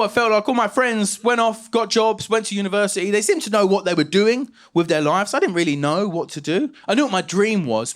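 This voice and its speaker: A man's voice: high-pitched, a bit bright. A man in his thirties from England performing a stand-up comedy set, self-mocking and punchy.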